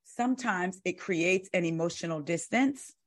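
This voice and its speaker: A woman's voice: fairly low pitch, moderate pace. A woman, chatting casually about reality TV as a podcast co-host, sassy and blunt with her opinions. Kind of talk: casual reality-TV recap chat. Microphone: video call.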